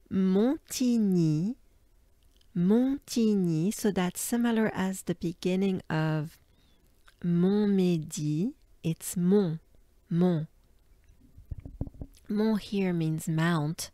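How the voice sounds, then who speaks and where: A woman from France with a French accent, teaching pronunciation by slowly repeating sounds, with soft whispered asides. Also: medium pitch, dry recording. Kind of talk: pronunciation lesson.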